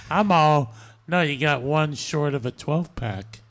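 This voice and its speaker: Co-host dude tossing in one-liners, slow drawn-out talk, kinda high. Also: male voice, a bit bright. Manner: chimes in with wisecracks and laughs. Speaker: podcast co-host. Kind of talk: casual chat.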